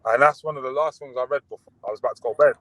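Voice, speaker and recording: A man chatting as a boxer guest on a podcast, relaxed and full of fillers and restarts. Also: mid-range voice, very fast, dry recording, highs cut off. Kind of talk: casual podcast interview.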